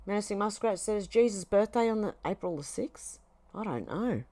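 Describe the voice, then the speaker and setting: A woman's voice: medium pitch, expressive, normal speed, dark tone, no room sound. An Australian woman on a casual home live stream, reading chat comments aloud and chiding her cat between them.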